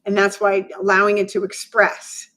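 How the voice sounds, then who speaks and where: A woman's voice: medium pitch, completely flat delivery, normal speed, fairly bright tone. A middle-aged woman co-hosting a podcast, speaking in a candid, reflective way and leaning often on "you know". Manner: reflective, open, with many "you know" fillers. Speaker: podcast co-host.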